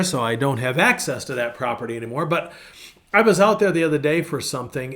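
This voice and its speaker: A man's voice: medium pitch, a bit bright. A man, a pastor, giving a casual, folksy devotional talk in front of a virtual background, repeating phrases for emphasis.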